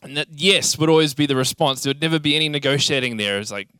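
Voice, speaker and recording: A young man preaching a sermon, telling childhood stories in a lively, animated way. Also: a little high, quick pace, clear, resonant tone, dry recording, clean studio sound. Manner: animated storytelling, acts out childhood scenes. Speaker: pastor.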